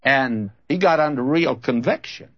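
Husky-voiced preacher with a lively delivery. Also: male voice, medium pitch, moderate pace. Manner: earnest, conversational storytelling. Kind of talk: sermon with storytelling and scripture reading. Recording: dull lo-fi recording.

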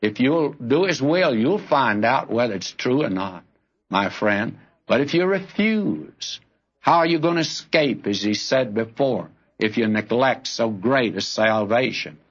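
A man's voice: mid-range voice, expressive, measured pace, husky, highs cut off. A man preaching a sermon in an earnest, direct way, calling his listeners friend and brother.

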